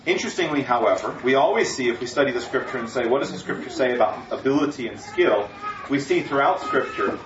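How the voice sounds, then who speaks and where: A man's voice: medium pitch, animated, fast. Man preaching in an echoey hall. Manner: earnest, reads scripture aloud with rising emphasis. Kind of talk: sermon. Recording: far-off, echoey, dull, noisy room recording.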